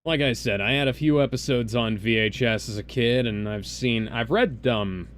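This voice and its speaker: Guy co-hosting a podcast, rambly and halting, mid-pitch voice. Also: a bit bright, slight background noise. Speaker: podcast co-host. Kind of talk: casual chat.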